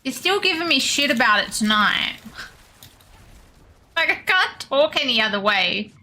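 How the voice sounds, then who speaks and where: A young Australian woman chatting casually with her viewers while streaming a game, self-deprecating and quick to laugh. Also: sits high, very animated, pushed and bright. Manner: chatty, self-deprecating, laughs often, reads chat aloud. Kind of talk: casual gaming stream chat.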